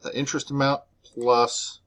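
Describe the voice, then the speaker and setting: A man teaching a recorded math lesson, explaining step by step in a relaxed way. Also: mid-range voice, moderate pace.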